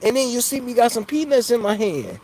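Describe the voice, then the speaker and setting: A man's voice: very high-pitched, sing-song, brisk, darkish tone, a little hiss or hum, poor audio. A man hosting a casual livestream, chatting loosely with viewers and laughing often between jokes. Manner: loose and jokey, laughs often, keeps asking "you know what I'm saying". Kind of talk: casual live chat.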